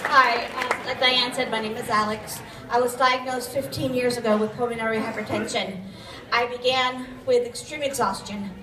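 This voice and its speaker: A woman with grandchildren giving a candid, chatty talk at an event, often out of breath and gently joking. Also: fairly high pitch, steady tone, normal speed, distant mic, crowd noise. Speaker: patient speaker. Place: event venue. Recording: echoey hall, mic from afar.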